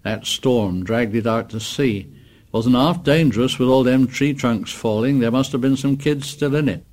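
A man's voice: mid-range voice, normal speed, darkish tone, natural voice. A man voicing a plump, anxious schoolboy with asthma and glasses, chattering eagerly in ungrammatical speech. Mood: worried.

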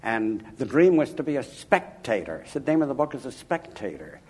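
An older man from Chicago, an author interviewed about his life, telling anecdotes in an emphatic, animated way. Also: mid-range voice, fairly quick, slightly rough. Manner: animated, emphatic, chuckling raconteur. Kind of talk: anecdotal storytelling.

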